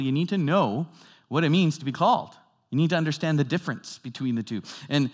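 A man preaching a sermon to his congregation, moving between loud, emphatic lines and quiet, hushed ones, and asking the room questions. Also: a little high. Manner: dynamic, swings from loud emphatic to soft hushed; talks directly to the congregation with questions. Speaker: pastor.

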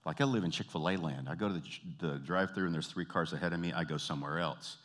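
Man, Southern accent, stand-up comedian, low voice, animated storytelling, leaps into high put-on voices. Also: quick pace. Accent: Southern American. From Southern United States.

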